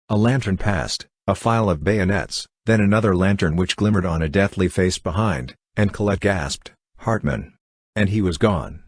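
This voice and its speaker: A man with a low, husky voice narrates a classic novel at an unhurried, even pace. The recording is dry and close, with no room sound around him. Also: no room sound. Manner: steady, measured reading of classic fiction. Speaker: audiobook narrator. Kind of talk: scripted narration.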